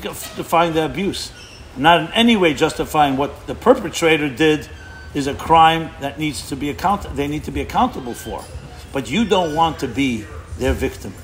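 A man's voice: mid-range voice, slight background noise. A man speaking as a rabbi, giving an impassioned sermon to an audience, emphatic and often breaking off to restart his words.

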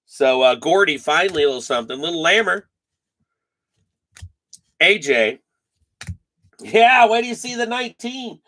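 A man's voice: on the high side, bright, forceful tone. A man hosting a live card break stream, chatting casually, reading off names and teasing his viewers.

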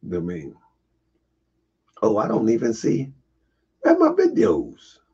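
Husky animated man getting over a cold. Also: fairly low pitch, measured pace, lo-fi sound. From Baltimore area. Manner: animated, laughs often, answers chat comments. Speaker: livestream host. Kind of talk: casual livestream talk to viewers.

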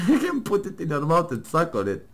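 A man's voice: a little high, wildly swooping pitch, moderate pace. A man playing a game with his partner, casually joking, laughing and swearing as he reads questions and answers aloud in a mock-serious tone. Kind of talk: casual gaming commentary, reading game text aloud.

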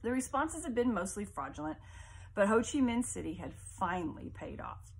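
A woman reading a novel aloud as audiobook narration in a measured, expressive way. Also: medium pitch, vocal fry, slight background noise. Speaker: audiobook reader.

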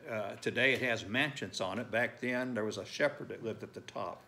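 A man's voice: lowish voice, a little fast, sharp tone. An older man in his sixties preaching a sermon, emphatic, repeating phrases and reading scripture aloud. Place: church sanctuary.

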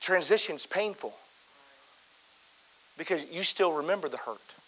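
A man preaching a fervent sermon in a church, full of repetitions and stammered restarts, swinging between loud exhortation and softer pleading. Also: a little high, expressive, unhurried, slightly rough. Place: church sanctuary.

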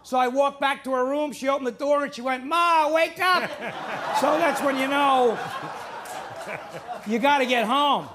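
New man doing stand-up, very high voice, punchy and quick, TV studio. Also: steady tone, a bit bright, slight background noise. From New Jersey. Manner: punchy joke delivery with put-on character voices. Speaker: stand-up comedian. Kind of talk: stand-up comedy set. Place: TV studio with live audience.

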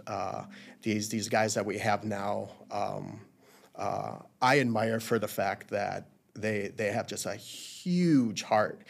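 Low-voiced man, halting business owner. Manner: hesitant, many fillers and restarts. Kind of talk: casual interview talk.

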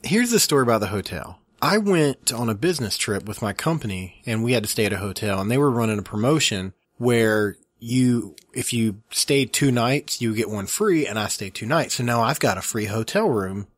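A man's voice: medium pitch, expressive, moderate pace, hardly any pauses, dry recording. A young man co-hosting a podcast, telling stories casually with a dry, wry humor. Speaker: podcast co-host. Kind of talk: casual chat.

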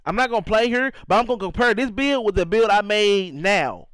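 A young man from St. Louis streams a game live, chatting casually and reacting to his viewers with a loose, repetitive flow and plenty of "you know what I'm saying." His voice sits high, a little fast and somewhat bright, captured in a dry, low-quality recording.

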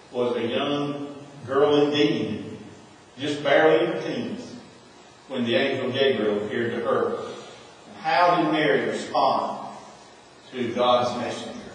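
A man preaching a sermon as pastor, expressive and emphatic. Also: medium pitch, unhurried, a little hiss or hum. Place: church sanctuary. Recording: echoey church hall, from a distance.

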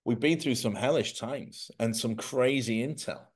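Guy cohosting a chill chat, mid pitch, animated, loves doing little voices in his stories. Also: moderate pace, husky. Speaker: co-host. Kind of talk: casual chat.

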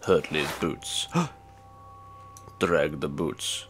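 A man's voice: rumbling low, animated, drawn-out words, fairly bright tone, faint music behind. A man casually commenting while playing a game, rambling, swearing and talking to himself. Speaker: gameplay commentator. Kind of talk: casual let's-play commentary.

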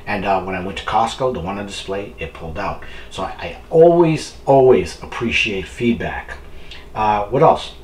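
A man's voice: lowish voice, normal speed. A man casually reviewing a kitchen appliance, rambling and talking while he eats. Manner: rambling, talks while eating. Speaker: product reviewer. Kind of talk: casual chat. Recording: roomy echo, faint background noise.

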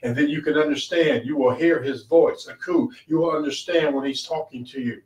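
A man's voice: fairly high pitch, fairly quick, a little mellow. A male pastor preaching a short sermon, fervent, repeating key phrases with rising emphasis. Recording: echoey room, voice from far off the mic.

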